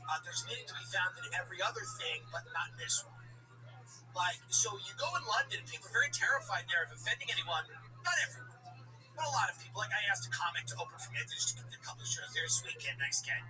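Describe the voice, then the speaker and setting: Comedian host, sardonic and rambling, recorded off-mic with music playing underneath. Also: male voice, high voice, very animated, quick pace, recorded from a distance, poor audio. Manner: sardonic, digressive, many asides.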